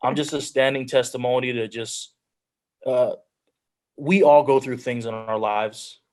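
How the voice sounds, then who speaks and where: Young man, 20s, guest on a video call, earnest storyteller, mid-pitched, plain everyday delivery. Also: steady tone, unhurried, a little mellow. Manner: earnest storytelling, drops into quoted self-talk. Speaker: guest speaker, pro football player. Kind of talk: telling his life story on a video call.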